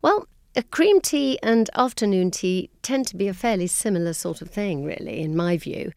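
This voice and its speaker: A middle-aged English woman, a London tour guide, explaining customs in a chatty, gently amused way on a radio interview. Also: medium pitch, lively intonation, moderate pace, gravelly, dry recording, clean studio sound.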